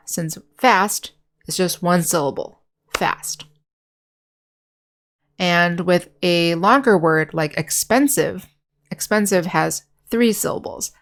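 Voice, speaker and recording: A woman English teacher giving a grammar lesson, explaining patiently step by step and slowing down to repeat example words. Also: lowish voice, fairly bright tone.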